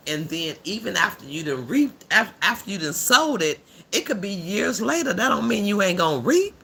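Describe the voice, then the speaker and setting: A man voicing a blunt, rough-edged older woman who hosts a livestream and gives preachy commentary in a drawling, slang-filled way. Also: high voice, sing-song, moderate pace, bright, forceful tone, slight background noise, full character voice. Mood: scornful. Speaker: livestream host.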